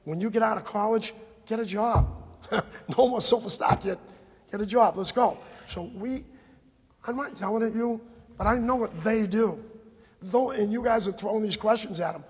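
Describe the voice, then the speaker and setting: Husky man pleading at a meeting. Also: sits high, moderate pace. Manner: emphatic, repetitive, exhorting. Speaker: bereaved parent giving public comment. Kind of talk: impassioned public comment at a town meeting. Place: town committee meeting room. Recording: dull, echoey public-access meeting recording.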